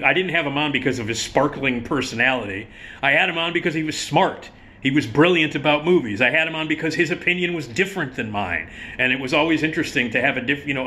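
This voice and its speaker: A man's voice: mid-range voice, sharp tone. A middle-aged man hosting an online film show, talking casually to the camera in a rambling, conversational way with many restarts.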